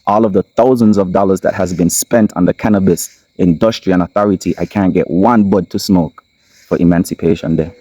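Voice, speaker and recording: A man with a Kittitian accent hosting his own channel, giving impassioned solo commentary, repeating his points and slowing down to stress them. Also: low-pitched, steady tone, dark tone, no echo, poor audio. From Saint Kitts. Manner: emphatic, repeats lines, slows for stress. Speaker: channel host. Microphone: camera mic.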